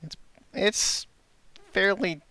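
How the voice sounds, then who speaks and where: A man's voice: high voice, very slow, a loud crowd. A man narrating as game master, laid-back, with lots of fillers and frequent laughter.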